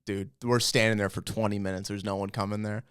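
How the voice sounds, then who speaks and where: A man's voice: lowish voice, little pitch movement, fast talker, fairly bright tone, clean tone, no room sound, studio quality. A young man co-hosting a podcast, telling anecdotes in casual chat, acting out the people in them and swearing freely. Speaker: podcast co-host.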